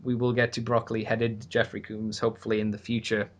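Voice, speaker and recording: A man's voice: lowish voice, flat delivery, fast. A young man hosting a casual podcast, recapping an episode in a rambling, laughing way with the odd swear. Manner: rambling, laughing, swearing, with put-on voices for quotes.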